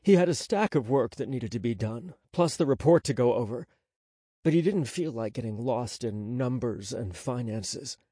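A man narrating an audiobook in a measured, unhurried storytelling manner on a close studio mic. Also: medium pitch, animated, dark tone, slightly rough, no echo. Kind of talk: scripted narration.

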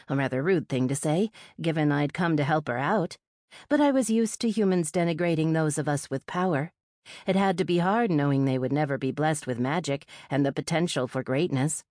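A woman narrates first-person fiction with a wry, sardonic edge. Her voice sits low, and the dry studio sound keeps it close. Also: a little mellow, dry recording. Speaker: audiobook narrator.

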